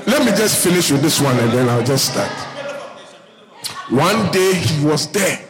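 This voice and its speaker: A male pastor preaching a sermon, telling a Bible story with lively acted-out voices and calling out to his congregation. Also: on the high side. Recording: echoey hall reverb.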